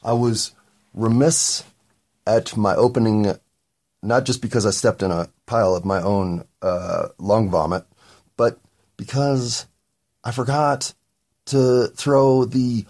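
A man with a gravelly voice hosting a podcast, talking in a candid, meandering solo monologue with occasional swearing. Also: fairly low pitch, slow, darkish tone. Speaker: podcast host.

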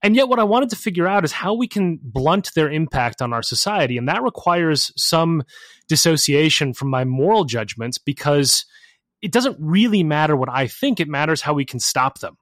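A male academic explains his research with lively energy, his voice set a bit higher than average. He restarts phrases as he thinks aloud. The recording is close and dry. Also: moderate pace, dry recording. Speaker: guest, professor and author. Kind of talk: conversational interview answers.

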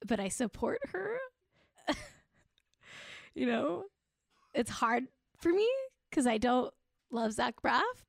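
Woman podcast host, mock-earnest comic delivery, high-ish pitch, dry close-mic sound. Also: vocal fry, no echo. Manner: sarcastic, mock-earnest, laughing often. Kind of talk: comedic pop culture commentary.

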